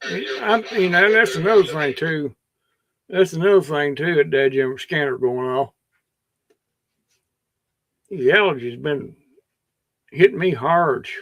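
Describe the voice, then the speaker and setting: A man's voice: a little high, slow, pauses often, fairly bright tone, no room sound. Meandering Kentucky man with scratchy throat. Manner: drawling, meandering, with many restarts. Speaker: livestream host. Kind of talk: rambling casual chat.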